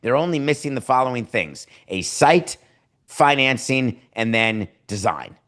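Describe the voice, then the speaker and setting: A man's voice: mid-range voice, expressive, a little slow, a bit bright. A man hosting a sports talk show from his home studio, sarcastic and mocking as he riffs on team owners. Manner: sardonic, mocking impressions of owners. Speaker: podcast host.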